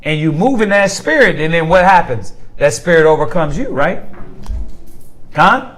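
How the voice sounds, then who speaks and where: A man with a high-pitched voice teaches a Bible class. He keeps asking the room questions and waits for answers, then acts out everyday scenes to drive each point home. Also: normal speed, soft background music, poor audio. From United States. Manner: call-and-response questioning, animated acted-out examples.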